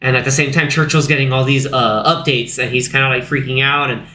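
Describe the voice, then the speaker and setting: A young man co-hosting a casual movie podcast, talking animatedly, acting out scenes in high silly voices, with plenty of fillers. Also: a little fast. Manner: animated, acts out characters in high put-on voices, many fillers. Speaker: podcast co-host. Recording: echoey room with faint background noise.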